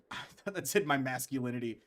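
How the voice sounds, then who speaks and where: A man casually commenting on a live game stream, rambling into joking asides. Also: mid-range voice. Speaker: gaming streamer.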